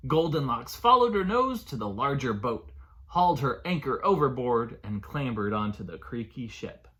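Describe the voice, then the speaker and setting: A man leading a preschool story time as a children's librarian, reading aloud in an animated, sing-song way and talking to small children. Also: medium pitch, moderate pace.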